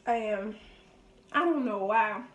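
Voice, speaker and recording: A woman's voice: mid-range voice, slow, recorded from a distance. A woman, telling family stories in a casual vlog and acting out the people she quotes. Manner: chatty, reminiscing, quotes people in lively voices. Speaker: vlogger. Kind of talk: casual storytelling during a food video. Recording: echoey room.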